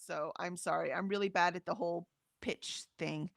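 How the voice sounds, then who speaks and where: A woman's voice: fairly low pitch, fairly even intonation, moderate pace, vocal fry, no echo, clean studio sound. A woman co-hosting a casual livestream, reading chat comments aloud and chatting, often laughing and trailing off mid-sentence.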